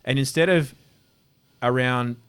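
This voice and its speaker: A man's voice: medium pitch, a little slow, fairly bright tone, clear, resonant tone. An Australian man, an interview guest, telling casual stories in a rambling way with many restarts. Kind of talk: casual storytelling.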